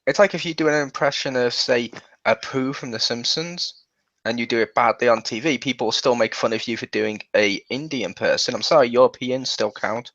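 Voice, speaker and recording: A man's voice: mid-range voice, brisk, fairly bright tone, no room sound. A man co-hosting a casual film review, bluntly arguing his point. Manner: blunt, argumentative. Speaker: co-host. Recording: dull dry lo-fi mic.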